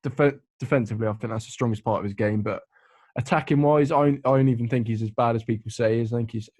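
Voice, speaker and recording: A man's voice: medium pitch, steady tone, quick pace, a little mellow. A young man talking football in a casual chat with friends, earnest and long-winded, with many fillers. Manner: earnest, explains at length with fillers. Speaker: co-host.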